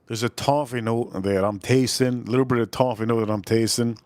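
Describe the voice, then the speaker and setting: A man hosting a casual live-stream whiskey tasting, rambling and repeating phrases while giving shout-outs to his chat. His voice sounds a little deeper than usual, as if he is coming down with something. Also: fairly even intonation, fairly quick, dry recording. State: voice turning deeper, feeling a bit ill.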